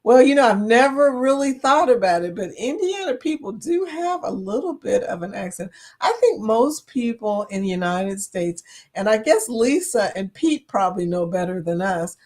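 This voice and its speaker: A woman's voice: mid-range voice, expressive, moderate pace, darkish tone. Kentucky woman hosting a live chat, talks easy, reads out comments, laughs a lot. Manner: chatty, reads viewer comments aloud, laughs often. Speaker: livestream host. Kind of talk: casual livestream chat.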